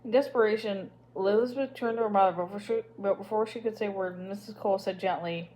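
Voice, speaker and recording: A woman's voice: mid-range voice, fast talker, darkish tone. A woman reading a children's story aloud, with small slips and restarts as she goes. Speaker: audiobook reader.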